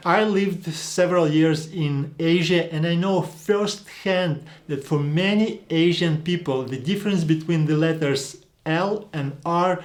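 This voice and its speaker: A man's voice: fairly high pitch, measured pace, few pauses. A man whose first language is Slavic, teaching a video lesson and explaining things patiently. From Eastern Europe. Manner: explanatory, demonstrates accents. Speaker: Greek teacher.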